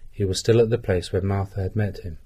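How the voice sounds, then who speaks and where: A man reading a Gospel passage aloud in a measured, even way. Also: sits low, slightly rough. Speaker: scripture reader.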